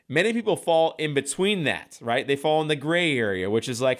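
A man who works as a chiropractor, giving an energetic health talk with many repeated words and restarts, often checking in with "right?". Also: fairly high pitch, a little fast, few pauses. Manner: energetic, keeps asking "right?"; repeats himself, frequent restarts.

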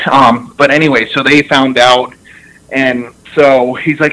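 A young man in casual chat, telling lively stories with laughter and frequent restarts, heard over a radio broadcast. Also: medium pitch, a little slow, low-quality recording. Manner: animated storyteller, laughs a lot, restarts. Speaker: former football player guest.

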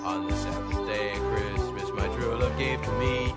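A man's voice: mid-range voice, normal speed, over loud music, lightly acted. A man playing a dim-witted, beer-loving hoser in a comedy album sketch. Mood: goofy. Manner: sing-song, dopey comic delivery.

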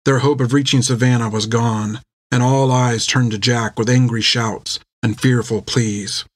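A man reading an adventure novel aloud in measured, scripted narration on a close mic. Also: medium pitch, steady tone, no room sound. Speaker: audiobook narrator.

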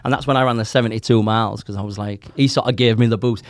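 A man in his forties, a podcast guest telling his story in casual, animated chat, quoting people and swearing as he goes. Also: fairly low pitch, quick pace, no echo. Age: 40s.

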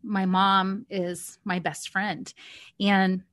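A woman's voice: mid-range voice, level tone, very slow, a bit bright, no echo, clean studio sound. A woman co-hosting a faith podcast, telling a personal story in an earnest, heartfelt way with small restarts, on a podcast mic. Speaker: podcast co-host.

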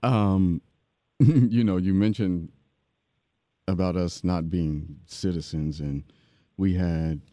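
Low, dark-voiced podcast host. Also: male voice, slow, long pauses, no echo. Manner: animated, preachy, repeats himself. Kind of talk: casual podcast interview.

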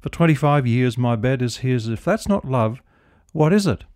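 A man's voice: medium pitch, expressive, normal speed, a little mellow, no room sound, clean studio sound, natural voice. Man doing a worn-out wife, matter-of-fact, pretty plain delivery. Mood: brusque. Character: weary, practical middle-aged wife.

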